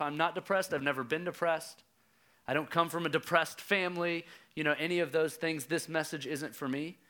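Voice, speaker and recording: A man in his thirties giving a youth sermon, telling a story with lots of chuckles and swings between loud and hushed delivery. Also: mid-range voice. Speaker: youth pastor.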